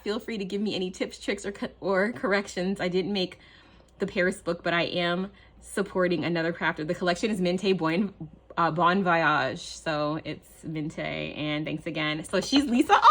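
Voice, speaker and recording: A woman hosting a casual craft unboxing vlog, gushing and excitable, with lots of fillers. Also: lowish voice, normal speed. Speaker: crafting channel host.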